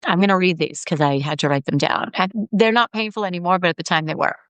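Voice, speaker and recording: A middle-aged woman hosting a solo podcast, telling stories in a chatty, emphatic way with quick asides. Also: on the low side, a bit bright, dry recording. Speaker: podcast host.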